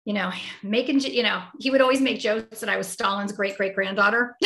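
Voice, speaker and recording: A woman's voice: mid-range voice, fairly even intonation, brisk, creaky, sharp tone, roomy sound, a little hiss or hum. A woman guest talking heartfelt and reflective in a conversational interview, often restarting her sentences. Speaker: podcast guest.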